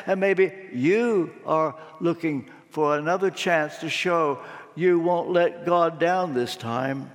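A man preaching a sermon, telling stories expressively and dropping suddenly to quiet tones. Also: on the high side, slow pace. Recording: long hall reverb.

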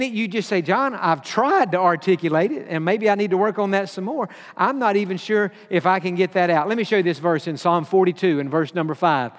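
Pastor, man, high voice, storytelling sermon, church hall with a long echo. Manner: slows and drops low for quoted lines, repeats words.

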